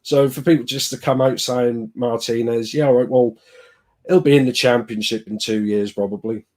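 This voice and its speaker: Guy on a football podcast going off about it, animated and kinda exasperated, mid-range voice. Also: mid-range voice, moderate pace. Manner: animated, exasperated, thinks aloud. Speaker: podcast co-host. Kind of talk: casual football chat.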